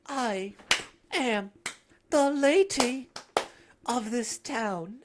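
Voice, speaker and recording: A woman's voice: on the high side, very slow, noisy background. A woman voicing a haughty young girl who runs a clan and commands her men coolly. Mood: commanding. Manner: bossy and cool.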